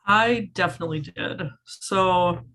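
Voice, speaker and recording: Young female panelist, bright voice, casual, talks in loose run-on phrases. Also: lowish voice, a little slow. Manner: casual, frequent "like". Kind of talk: panel discussion over video call.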